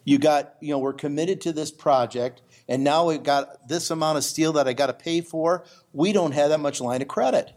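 A man's voice: fairly high pitch, normal speed, few pauses, a little mellow. A middle-aged man telling a business story on a panel, rambling and restarting with many fillers. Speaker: business owner sharing testimony.

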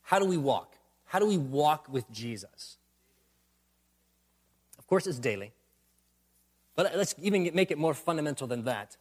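A man's voice: on the high side, big pitch swings, unhurried, long pauses, darkish tone. A man preaching a sermon, building to emphatic bursts and repeating refrains. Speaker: pastor.

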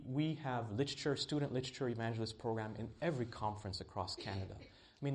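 A middle-aged man preaching a sermon in an earnest voice, rising to pleading and dropping to quiet tones. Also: a little hiss or hum. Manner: earnest, swings from pleading highs to quiet lows. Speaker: pastor.

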